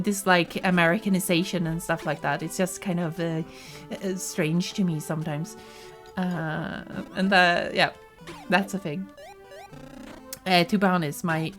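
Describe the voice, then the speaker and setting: A woman's voice: fairly low pitch, fairly bright tone. A woman from southern Sweden with a southern Swedish accent, chatting casually on a stream with many restarts and laughs, Swedish her first language. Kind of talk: casual chat.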